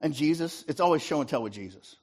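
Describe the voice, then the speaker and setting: Lively pastor preaching with call-and-response. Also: male voice, on the high side, fast, slightly rough. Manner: rhetorical call-and-response, repeated "right?". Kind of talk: sermon.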